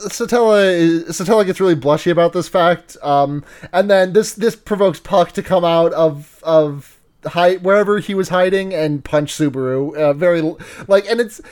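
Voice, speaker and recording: A man's voice: high voice, moderate pace, a little mellow, smooth. A man co-hosting a podcast, recapping an anime episode in a rambling, joking way. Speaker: podcast co-host.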